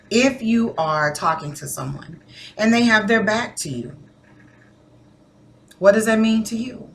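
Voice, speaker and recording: A woman's voice: fairly low pitch, a little hiss or hum. A woman teacher giving a recorded lesson to her students, chatting casually and acting out different tones of voice. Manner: conversational, animated demonstrations of tone.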